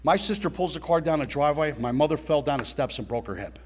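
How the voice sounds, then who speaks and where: A man's voice: fairly high pitch, lively intonation, fast, slight background noise. A middle-aged man telling a blunt personal story at a recovery meeting, swearing and talking straight to his listeners.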